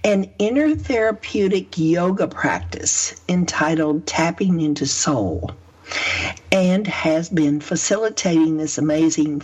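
A woman hosting a radio show in a chatty, effusive way. Her voice sounds lower and husky from a pollen allergy. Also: a little mellow, slight background noise, rough recording. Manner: chatty and effusive, with drawn-out emphasis. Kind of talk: casual hosting chat.

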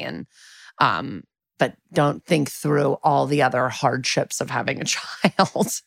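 A woman's voice: deep voice, steady tone, normal speed, creaky, fairly bright tone, dry recording, clean studio sound. A woman co-hosting a podcast, chatting casually and thoughtfully between laughs. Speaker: podcast co-host. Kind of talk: casual chat.

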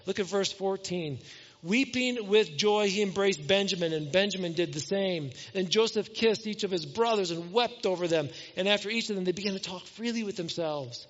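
High-voiced preacher in an echoing hall. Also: male voice, normal speed, dull audio. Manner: animated storytelling, reading scripture aloud and voicing the characters. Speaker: pastor. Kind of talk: sermon.

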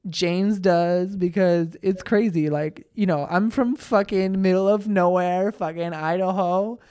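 A man's voice: high voice, a little slow, dark tone, clear, resonant tone. A young man hosting a solo podcast, ranting profanely and mocking people in put-on voices. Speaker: podcast host. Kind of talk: solo comedic podcast rant with ad read.

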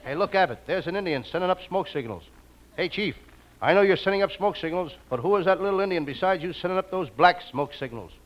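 A man in a comedy sketch, talking in an excitable, boyish way with frequent giggles. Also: high-pitched, fast talker. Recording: muffled old recording with loud hiss.

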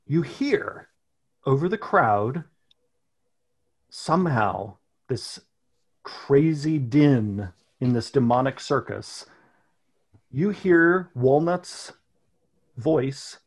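Slow husky game master narrating. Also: male voice, mid-range voice. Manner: slow, deliberate scene-setting.

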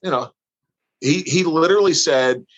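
A man from northern Missouri, a guest in a casual chat, telling stories in an animated way. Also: a little high, moderate pace, highs cut off. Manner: animated storyteller who acts out quotes.

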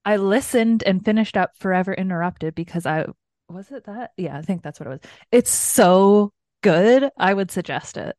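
A young woman co-hosting a book podcast in relaxed casual chat, laughing easily. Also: medium pitch, normal speed, no room sound, clean studio sound. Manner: laid-back, laughs easily. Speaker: podcast co-host.

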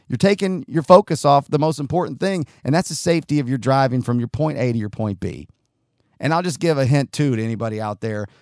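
A man's voice: mid-range voice, darkish tone, no echo, clean studio sound. A man hosting a talk show, giving a blunt, profane monologue and sometimes acting out angry drivers. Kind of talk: opinionated monologue.

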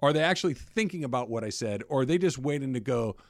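Jokey talk radio host, dry studio sound. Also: male voice, mid-range voice, lively intonation, no room sound. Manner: chatty, jokey, quick asides. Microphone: studio microphone.

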